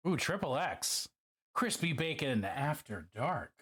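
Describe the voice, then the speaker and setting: A man talks casually to his live-stream audience as he paints miniatures, and his pitch swings animatedly up and down. He swears freely and greets viewers by name. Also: sing-song, a little slow, a bit bright.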